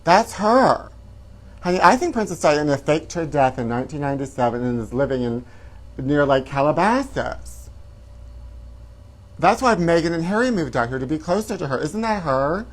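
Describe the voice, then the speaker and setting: A man's voice: on the high side, sing-song, normal speed. Campy male host, flamboyant gossip delivery, says honey a lot. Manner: flamboyant, calls viewers honey. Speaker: comedy show host.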